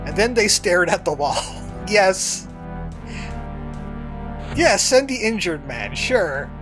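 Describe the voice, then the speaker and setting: Brief: male streamer, wry sarcastic gameplay commentary, lively intonation. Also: sits high, slow pace, music in the background.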